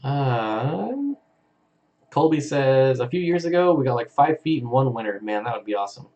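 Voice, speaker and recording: A man with an expressive, mid-range, slightly dark voice hosts a live stream for an aquarium channel at a normal speed. He's easygoing and chuckles often as he chats casually and reads viewer comments aloud.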